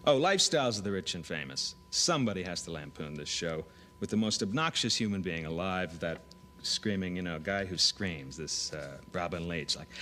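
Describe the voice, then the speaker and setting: A man at a comedy audition, casually and playfully pitching his ideas to camera, with hesitant fillers between bits. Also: expressive, normal speed, sharp tone, a little hiss or hum.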